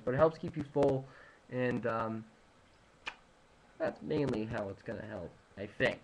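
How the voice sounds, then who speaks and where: A man's voice: medium pitch, a little slow, slight background noise, low-quality recording. A man giving an informal talk on food trends, rambling through figures with many fillers, restarts and joking asides. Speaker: nutrition presenter. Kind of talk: casual informal lecture. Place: home room at sunrise.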